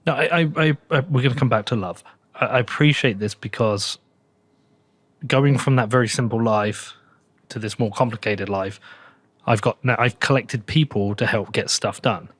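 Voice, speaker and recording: A man hosts a podcast, opening up candidly about his life with casual swearing. His voice sits at an ordinary pitch for a man and is recorded dry, with no room echo. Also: normal speed, fairly bright tone, husky. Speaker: podcast host. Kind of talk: casual interview conversation.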